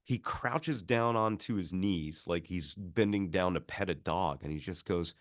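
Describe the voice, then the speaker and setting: A man talking as a podcast guest, an animated storyteller who acts out the quotes in his stories. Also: low-pitched, measured pace, no room sound, studio quality. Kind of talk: casual chat.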